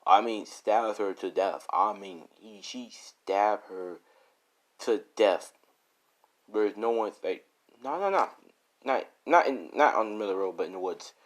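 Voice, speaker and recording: A man improvising a dark fan story, rambling with frequent self-corrections and "you know"s. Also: lowish voice, expressive, measured pace, pauses often. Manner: rambling, many restarts and fillers.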